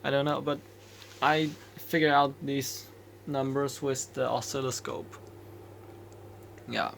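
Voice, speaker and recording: A man's voice: mid-range voice, steady tone, takes it slowly, creaky, a bit bright, slight background noise. A man explaining microcontroller code step by step, thinking aloud with hesitant restarts. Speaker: embedded developer explaining code. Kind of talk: screen-recorded coding walkthrough.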